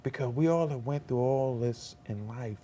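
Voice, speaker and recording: Mellow-voiced male talk show host. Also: medium pitch, moderate pace, a little hiss or hum. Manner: encouraging, prompting with short affirmations.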